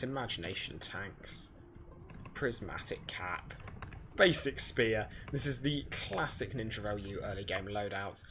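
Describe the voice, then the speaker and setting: A man's voice: on the low side, normal speed, noisy background. A man giving casual speedrun commentary while playing, rambling and correcting himself as he thinks aloud. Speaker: gaming video creator.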